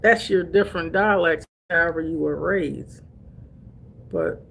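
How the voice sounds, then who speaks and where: Telling stories to camera with easy laughter, an older vlogger from Delaware, USA, addresses her viewers as honey and baby. Her voice is lowish, gravelly and a bit bright, a little slow, with a slight hiss or hum on the recording.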